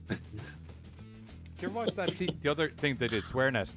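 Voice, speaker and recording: A man's voice: mid-range voice, lively intonation, fairly quick, long pauses, a bit bright, faint music behind. A man, co-hosting a podcast in casual chat. He tells stories with lots of energy, laughs often and swears freely. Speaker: podcast co-host.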